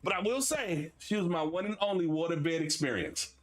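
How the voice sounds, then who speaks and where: At a normal speed, a man in his forties from Florida hosts a stream, telling stories in casual conversation. He's lively and laughing, shifting between high, excited bursts and quieter low asides.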